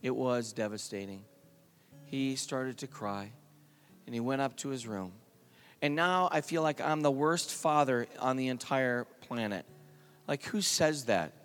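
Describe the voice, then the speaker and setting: A man in his thirties, a worship leader, telling a personal story in earnest and dropping to a hushed tone at emotional points. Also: medium pitch, unhurried. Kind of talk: storytelling sermon at a worship service. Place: large worship hall. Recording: live hall reverb with guitar music.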